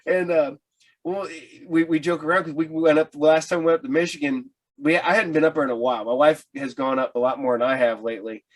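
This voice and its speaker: A man's voice: on the high side, steady tone, fast. A man hosting a podcast, chatting casually, who laughs often and stammers a little as he tells stories. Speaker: podcast host. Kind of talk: casual chat.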